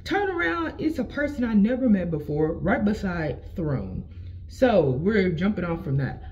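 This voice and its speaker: A young adult woman telling a casual storytime vlog, animated and profane, with lots of slang and acted-out quotes of herself. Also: on the low side, unhurried, a little hiss or hum. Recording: slightly dull lo-fi sound.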